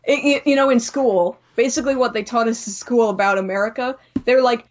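Slightly high-pitched and a little fast with few pauses, this young Canadian guest on a podcast chats openly, cursing freely and impersonating the characters in her anecdotes. The recording sounds slightly dull.

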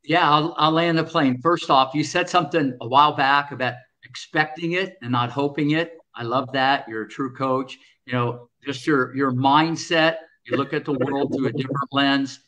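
A male co-host speaks in a casual interview style and sounds upbeat as he closes out the talk. His tone is bright and forceful, at an average pitch for a man. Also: normal speed, few pauses. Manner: upbeat and complimentary when wrapping up.

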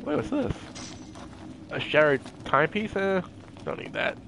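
A young man giving excitable, jokey commentary while playing a video game. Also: high-pitched, unhurried, creaky, background noise. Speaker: gaming YouTuber. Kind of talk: casual gameplay commentary.

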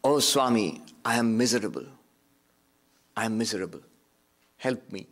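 A man's voice: lowish voice, expressive, moderate pace, a bit bright, pitched below the performer's own voice. A man voicing a miserable male businessman who speaks in an earnest, pleading way to his teacher.

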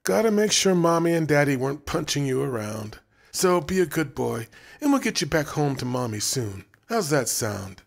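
A man's voice: on the high side, moderate pace, creaky, hardly any pauses, a bit bright, voice pushed up. A man voicing a frustrated, blustering young male clerk who complains and panics. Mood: patronizing.

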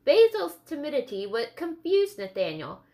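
A woman narrating a novel for an audiobook in a steady, clear reading voice. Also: sits high, moderate pace. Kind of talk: scripted storybook narration.

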